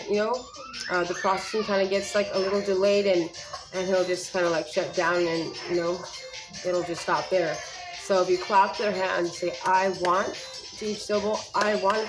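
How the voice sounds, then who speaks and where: A woman's voice: fairly low pitch, rough recording. Young mom, casual advice vlog, chatty and rambling with lots of "um" and "like", music playing behind her. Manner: rambling, many fillers and restarts. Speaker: parent sharing speech tips.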